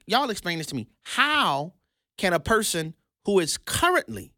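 A man's voice: high voice, sing-song, moderate pace, pushed and bright, no echo, clean studio sound. A man hosting a sarcastic political commentary monologue, mocking, laughing often and repeating words for emphasis.

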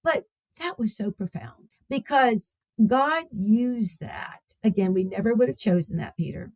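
A woman's voice: fairly high pitch, animated, a little slow, darkish tone, no room sound. A woman telling a heartfelt personal story as a radio guest, speaking tenderly and repeating phrases for emphasis.

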